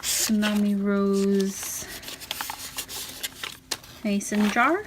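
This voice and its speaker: A woman casually talking through a handmade journal she is showing page by page, relaxed and chatty. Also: medium pitch, measured pace. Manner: chatty, relaxed, with fillers and soft laughs. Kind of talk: casual craft walkthrough. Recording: audible background noise.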